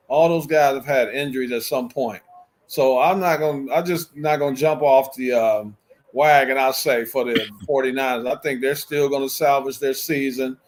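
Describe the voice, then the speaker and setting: A man co-hosting a sports talk show, arguing football picks in an emphatic, conversational way. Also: medium pitch. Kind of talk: casual sports debate.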